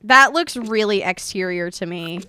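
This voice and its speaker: A woman's voice: mid-range voice, expressive, moderate pace, pushed and bright, smooth. A woman live streamer chatting casually with her viewers, playful and profane.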